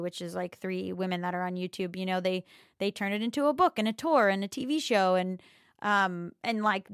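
A woman's voice: medium pitch, clear, resonant tone, dry recording, clean studio sound. Frank, profane woman YouTuber. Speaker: YouTuber interviewee. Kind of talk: candid interview.

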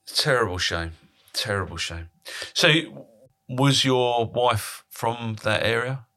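A man's voice: mid-range voice, takes it slowly, bright, forceful tone. A man hosting a podcast interview, chatting freely and often restarting his sentences. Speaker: podcast host. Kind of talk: casual interview chat.

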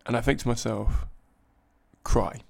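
A man telling a comic anecdote in an animated, profane, self-mocking way. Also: mid-range voice, fairly quick, vocal fry. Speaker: storyteller.

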